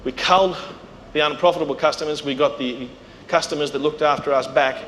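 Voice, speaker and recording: A middle-aged Australian man with a slightly high voice tells business stories on stage, bringing the people he quotes to life. His voice carries through a large hall with a long reverb. A faint hum sits behind it. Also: brisk. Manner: animated, acts out quoted voices. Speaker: keynote speaker. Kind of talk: storytelling business talk.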